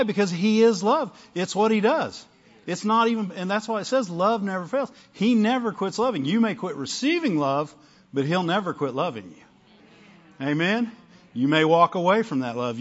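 A man's voice: high voice, expressive, moderate pace, muffled recording. A male pastor preaching a conversational sermon, often asking the congregation "amen?" and "right?".

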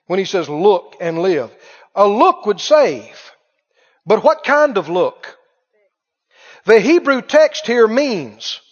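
High-voiced male preacher in echoing hall. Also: sing-song. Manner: dramatic, stretches key words slowly, quizzes the congregation. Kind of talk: sermon. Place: auditorium with a live congregation. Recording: dull lo-fi sound with long hall reverb.

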